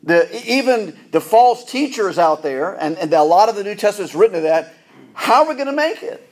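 A middle-aged man preaches to his congregation in a somewhat high voice. He is earnest and often doubles back, repeating a word before he finds the rest of his sentence. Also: very animated, fairly quick. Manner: earnest, repeats words and restarts phrases. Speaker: pastor. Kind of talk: sermon.

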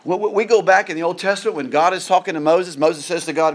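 A man's voice: high-pitched, quick pace. A man preaching a sermon in an earnest way, often repeating words as he builds emphasis.

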